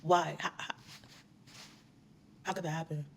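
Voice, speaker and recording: A woman telling a casual, animated storytime, with plenty of slang and swearing. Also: deep voice, measured pace, vocal fry, a little hiss or hum. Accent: US Southern.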